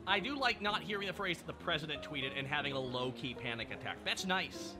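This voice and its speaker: Sarcastic guy ranting on stream, cusses a lot, high lively voice, faint music behind. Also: fairly quick. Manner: sardonic, profane, ranting. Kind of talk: casual live-stream chat.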